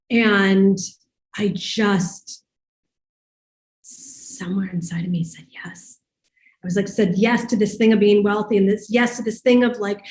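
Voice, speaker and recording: Animated woman with a roomy echo. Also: sits high. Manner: animated, emphatic, conversational. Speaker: host and life coach. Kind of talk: storytelling talk to an audience.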